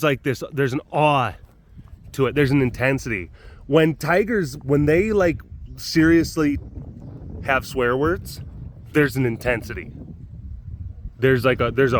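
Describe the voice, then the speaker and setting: A man's voice: medium pitch, slight background noise. A man who hosts a big cat facility's webcast, talking casually and in a rambling way outdoors, restarting his sentences and laughing often. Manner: chatty and meandering, many restarts, laughs often, now and then mimics animal sounds. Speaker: big cat sanctuary keeper and webcast host. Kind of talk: casual rambling talk to camera. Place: outdoors at a wild animal facility.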